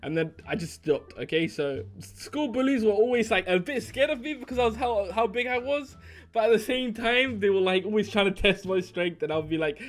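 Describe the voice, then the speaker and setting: A young man doing playful gaming commentary, excitable and jokey, swinging between mumbled asides and shrieks. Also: high voice, a little fast. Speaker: Minecraft YouTuber. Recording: faint background music.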